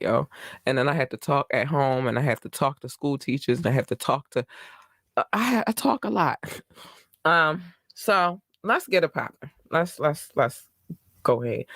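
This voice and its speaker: A man from Baltimore hosting his own podcast, talking in a chatty, rambling and effusive way with bursts of excitement. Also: mid-range voice, no echo, studio quality. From Baltimore, Maryland. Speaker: podcast host. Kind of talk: casual solo podcast monologue.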